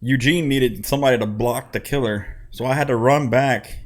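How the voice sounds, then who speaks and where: A man's voice: medium pitch, normal speed. Man defending himself with a laugh. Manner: earnest, self-defending storyteller, laughs at himself. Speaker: podcast co-host. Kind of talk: casual gaming chat.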